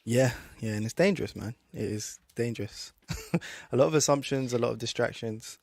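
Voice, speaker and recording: A man with a British accent co-hosting a podcast, relaxed and agreeable, often backing up his co-host. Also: medium pitch, dry recording. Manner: relaxed, agreeable, quick affirmations. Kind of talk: casual podcast chat.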